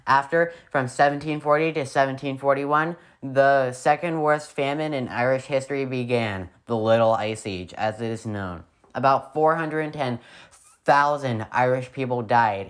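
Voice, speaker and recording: A man reads out a history narration at a medium pitch. His delivery is scripted and steady, broken by dry, sarcastic asides.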